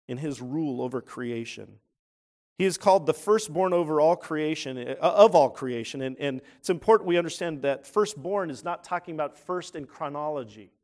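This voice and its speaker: A man preaching to his congregation in a church, his voice a touch higher than most men's. He leans hard on key words, swelling louder as he drives a point home, and often restarts his phrases mid-thought. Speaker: pastor. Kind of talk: sermon.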